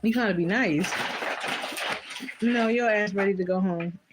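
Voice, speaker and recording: A woman hosting a casual livestream while eating, excitable and exclamatory, swearing freely. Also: mid-range voice, unhurried, noisy background. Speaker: livestream host.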